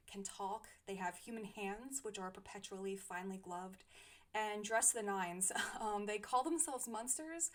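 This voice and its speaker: A young woman reviewing books she has read, speaking thoughtfully with frequent small laughs. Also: mid-range voice. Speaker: book reviewer. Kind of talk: casual book review.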